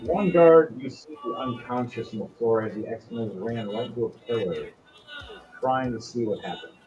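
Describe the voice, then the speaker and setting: A man's voice: mid-range voice, moderate pace, dull audio. A man narrating a tabletop game as its game master, telling the story with energy. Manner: animated storytelling.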